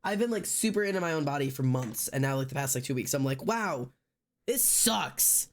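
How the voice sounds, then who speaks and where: Fast and animated, this young man's mid-range voice fills a casual live stream from home. He rambles to his viewers, leaning on fillers and frequent restarts.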